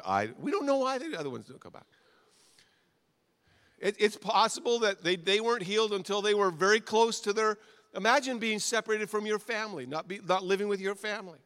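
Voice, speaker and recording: High bright-voiced preaching man. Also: a little fast. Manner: animated preaching, swings from quiet to loud; repeats short phrases for emphasis. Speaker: pastor. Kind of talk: sermon.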